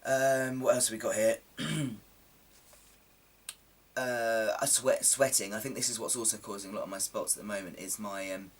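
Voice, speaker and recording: A man's voice: lowish voice, steady tone, moderate pace, husky, far from the mic. A man in casual chat to camera, rambling and self-deprecating with plenty of ums, his voice a little coarse from a sore throat. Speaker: vlogger.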